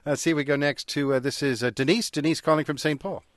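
Quick-talking male radio host. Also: fairly high pitch, fairly even intonation, no room sound, studio quality. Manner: brisk, moves the talk along. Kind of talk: call-in radio.

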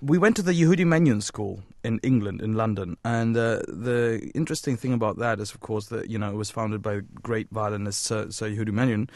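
A man's voice: on the low side, brisk, few pauses, no room sound. A man, a violinist guest, chatting casually in a studio interview, rambling with many fillers and self-corrections. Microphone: studio mic.

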